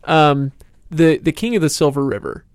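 A man's voice: fairly high pitch, lively intonation, moderate pace, clear, resonant tone, no room sound. A man hosting a casual book discussion podcast, steering the talk with questions and dry self-mocking jokes. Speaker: podcast host.

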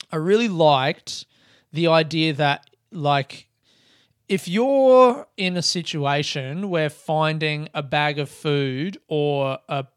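An Australian man rambles through a casual story, swearing freely and getting animated along the way. His voice sits a bit high for a man and comes across smooth and resonant. He is recorded close and dry, with no room sound. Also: no echo. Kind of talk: casual solo monologue.

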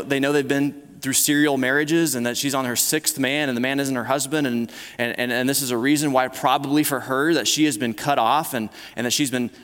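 A male pastor with a mid-range, fairly bright voice preaches a conversational sermon to a live congregation, frequently restarting his words. The recording carries the long reverb of a large hall.

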